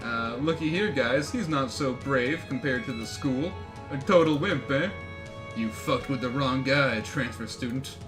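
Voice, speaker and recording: A man's voice: mid-range voice, a little slow, close to an everyday voice. A man voicing a swaggering teenage male school bully in a game, taunting and sneering, with game music behind.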